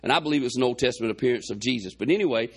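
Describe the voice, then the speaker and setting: A man's voice: mid-range voice, very fast, slightly rough. A man preaching a sermon, retelling a Bible story in a folksy way with quoted dialogue, his chest congested.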